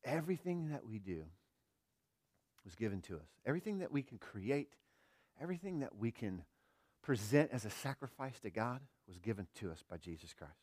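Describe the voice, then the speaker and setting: A middle-aged man preaching a sermon as pastor, earnest, firing rhetorical questions and swinging between quiet and emphatic delivery. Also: medium pitch, sing-song, normal speed, slightly rough, no room sound.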